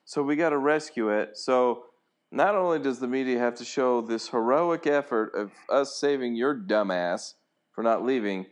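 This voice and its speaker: A man's voice: medium pitch, normal speed. A man co-hosting a talk show, ranting bluntly and mocking people with crude language. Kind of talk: profane rant on a talk show.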